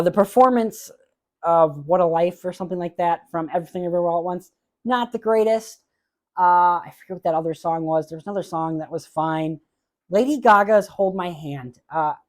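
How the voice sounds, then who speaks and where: A man hosting a solo movie podcast, chatting casually and giving blunt opinions with frequent filler pauses. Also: sits high, darkish tone. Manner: openly emotional about awards moments.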